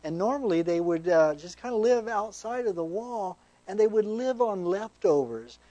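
Earnest man preaching, mellow voice. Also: sits high, lively intonation, normal speed, dry recording, rough recording. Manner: conversational and earnest, reads scripture aloud with emphasis. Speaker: pastor. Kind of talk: verse-by-verse Bible teaching sermon.

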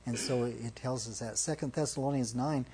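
A man's voice: medium pitch, fairly even intonation, background noise. A man teaching through a Bible passage as a pastor, reading verses aloud with emphasis and restarting phrases as he explains. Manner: halting, restarts phrases, reads scripture with emphasis.

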